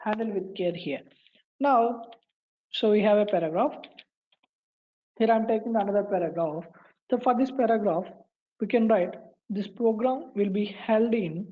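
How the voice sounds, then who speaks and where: A woman walking through a coding tutorial, pausing and repeating phrases as she types. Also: medium pitch, lo-fi sound. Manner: halting, repeats phrases while typing. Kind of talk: screen-recorded coding tutorial.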